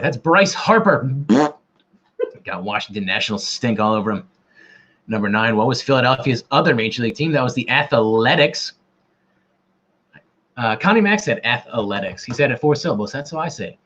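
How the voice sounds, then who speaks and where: A man hosting a trivia night over a livestream, rambling and poking fun at himself between answers. His pitch swings up and down a lot. The audio is dull and lo-fi. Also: fairly bright tone. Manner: joking, rambling, self-deprecating. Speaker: quiz host. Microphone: camera mic.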